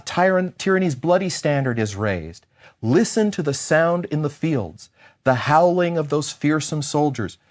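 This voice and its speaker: A middle-aged man giving a university history lecture, with animated, theatrical emphasis and playful asides. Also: fairly high pitch. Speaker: history professor.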